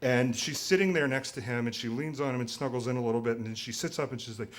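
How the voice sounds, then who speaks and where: A man's voice: medium pitch, quick pace. A man telling a personal story live on stage, wry, profane and self-mocking.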